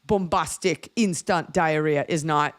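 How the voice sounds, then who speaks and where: A woman hosting a comedy podcast, telling stories in animated casual chat and slipping into voices. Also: low voice, a little slow. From lives in Los Angeles. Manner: animated storyteller, jumps into voices mid-story. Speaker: podcast host.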